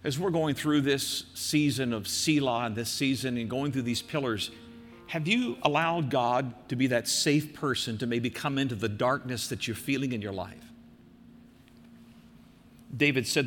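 Older male pastor, earnest exhorting sermon delivery, mid pitch, big reverberant church hall sound. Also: faint music behind. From American Midwest. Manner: earnest, exhorting, slows and softens for emphasis.

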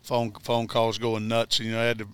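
Bright, clear man telling stories. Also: medium pitch, monotone, moderate pace. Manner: rambling, laughs while telling anecdotes. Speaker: guest, former pitcher. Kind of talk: casual storytelling. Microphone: studio mic in radio booth.

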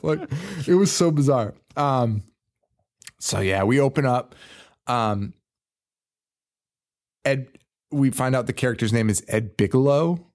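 With a darkish, mid-range voice and lively intonation, a man talks unhurriedly and pauses often. He's a co-host on a horror movie podcast, casually chatting about films in a rambling, profane way and laughing a lot.

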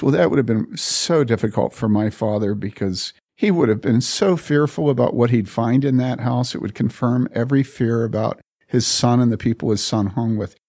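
A man's voice: medium pitch, creaky, a little mellow, husky. A man from the Chicago area, a pastor and podcast host, telling a personal story in an earnest, emphatic way and repeating phrases for stress. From Chicago area, USA.

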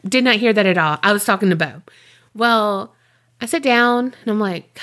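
A woman co-hosting a podcast, telling a rambling story in animated casual chat, swearing and laughing often. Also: mid-range voice, brisk. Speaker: podcast co-host.

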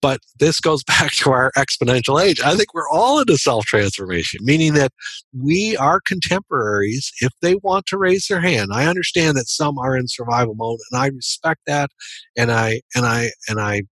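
A man's voice: medium pitch, lively intonation, normal speed, fairly bright tone, no echo. A middle-aged man, a guest author and business coach, telling a story in a casual interview in an earnest way, with frequent restarts and small laughs.

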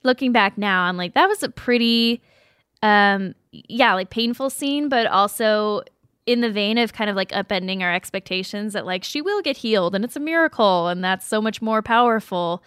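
A woman's voice: mid-range voice, normal speed, a bit bright, clear, resonant tone, no echo, clean studio sound. A woman co-hosting a podcast in casual chat, talking earnestly and laughing often. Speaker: podcast co-host.

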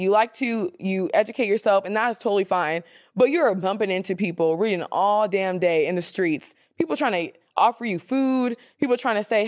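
A woman hosting a casual advice podcast, animated and sassy, reading listener questions and acting out the voices she quotes. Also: mid-range voice, brisk, no echo, studio quality.

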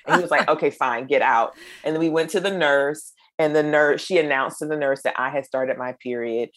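A middle-aged woman from the United States, a podcast guest, telling stories in an animated way and acting out the voices of people she quotes. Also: deep voice, brisk. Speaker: guest, creator of a menopause storytelling project. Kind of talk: storytelling in a podcast conversation.

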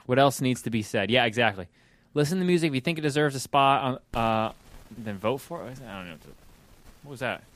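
A man's voice: medium pitch, lively intonation, fast, fairly bright tone, no echo. A man hosting a casual group music review, joking as he runs the segment with music playing behind. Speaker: show host.

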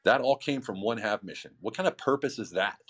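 Earnest low-voiced man on a call. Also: expressive, fairly quick. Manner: earnest, stumbling restarts, swings between loud and quiet. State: getting emotional. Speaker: veteran entrepreneur, visionary of the project. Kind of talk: impassioned talk on an online call.

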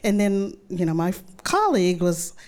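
A woman tells a true story from her own life in a chatty, animated way, often slipping into her own remembered thoughts. Her voice sits a little low for a woman. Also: normal speed. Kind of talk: live personal storytelling.

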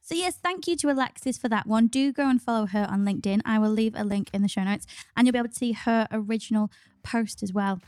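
A woman's voice: fairly high pitch, quick pace, darkish tone, no echo, studio quality. A woman co-hosting a podcast, chatting in an upbeat way and often laughing. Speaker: podcast co-host. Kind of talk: casual podcast chat.

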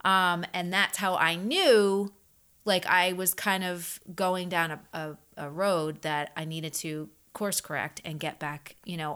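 Middle-aged woman coach, lowish voice, earnest, rambling, lots of ums. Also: a bit bright. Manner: earnest, repetitive, with many fillers. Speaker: leadership coach. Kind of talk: casual podcast talk.

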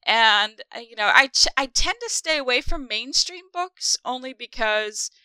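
A chatty, animated woman telling a story on a podcast. Her voice is bright, smooth and fairly high, and the recording is dry and close. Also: moderate pace, dry recording. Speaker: podcast co-host. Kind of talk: casual podcast chat about a book.

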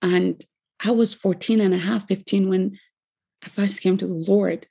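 Gravelly, husky woman in her forties. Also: mid-range voice, fairly even intonation, dark tone. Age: 40s. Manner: earnest, emotional storytelling with pauses and restarts. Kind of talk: personal faith testimony.

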